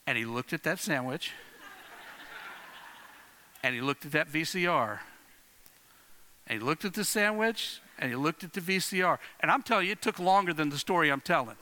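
Bright-voiced preacher man in echoing hall. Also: on the high side, animated. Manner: storytelling with repeated phrases and long pauses; dramatic swings from hushed to loud. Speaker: pastor. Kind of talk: sermon. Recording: long reverb of a large hall.

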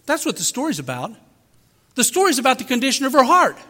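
Guy preaching a sermon, acts out the quotes, bright sharp voice, big echoey hall. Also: very high voice, wildly swooping pitch, fast. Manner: preaching with dramatic acted-out quotes and rhetorical questions. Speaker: pastor. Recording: long hall reverb.

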